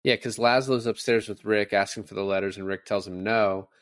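A man's voice: lowish voice, steady tone, fairly quick, fairly bright tone, dry recording, clean studio sound. A man co-hosting a podcast who chats casually about a film, retelling scenes with lots of fillers. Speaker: podcast co-host. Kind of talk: casual movie discussion.

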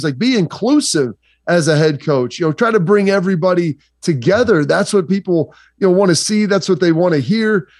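Man, sports analyst, casual rambling talk, filler-heavy, slightly high voice, dry sound. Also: animated, fairly quick, no room sound. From Southeastern Ohio, USA. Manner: rambling, chatty, lots of fillers.

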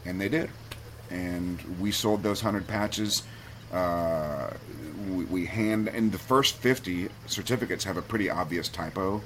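A man's voice: low voice, measured pace, slight background noise. A man on a podcast as a guest, telling a personal story in a candid, heartfelt way that gets him choked up. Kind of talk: casual storytelling.

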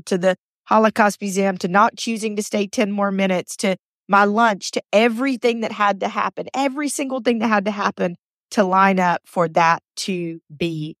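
A woman's voice: mid-range voice, no echo. Earnest woman podcast host, dry sound. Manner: earnest, repeats phrases for emphasis; chatty, personal anecdote telling. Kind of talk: motivational podcast storytelling.

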